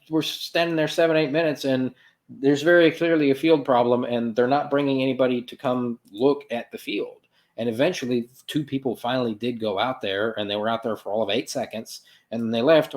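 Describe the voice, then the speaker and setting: A man hosts a soccer podcast, walking through a match in a chatty, sarcastic way. His voice sits at an ordinary middle pitch, and he jumps between dry asides and playful bursts of sound effects. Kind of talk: casual sports recap monologue.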